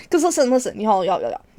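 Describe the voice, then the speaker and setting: A young adult woman streamer chatting casually with her viewers, expressive and laughing often, with casual swearing. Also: on the high side, moderate pace, no room sound.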